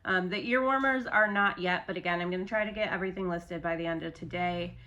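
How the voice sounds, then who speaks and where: A woman's voice: lowish voice, fast talker, bright, forceful tone. A young adult woman in casual chat, showing her handmade stock in a loose, rambling way with lots of fillers.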